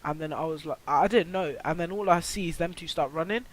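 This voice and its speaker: A teenage boy recounts a story for his vlog, slightly high in pitch. He rambles, restarts often, packs in fillers and swears freely. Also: a little fast, poor audio. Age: teens. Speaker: vlogger.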